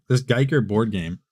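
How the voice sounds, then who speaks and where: A man's voice: medium pitch, warm tone, breathy edge. Guy hosting a shopping livestream, chatty, trips over his words, mid voice. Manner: laughs often and rambles with restarts. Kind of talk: casual live-stream chat.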